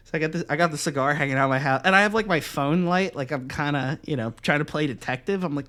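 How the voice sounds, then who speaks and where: A young man co-hosting a podcast, telling a story in casual, profane chat and acting out the other voices loudly. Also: on the high side, fast. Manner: animated, profane, acts out quoted voices loudly. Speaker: podcast co-host.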